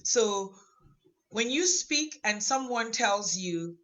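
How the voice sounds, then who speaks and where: A middle-aged woman with an African accent, tinged with French, talking as a guest in an interview in an animated, emphatic and heartfelt way. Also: mid-range voice, takes it slowly. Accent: African, with French traces. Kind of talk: conversational interview.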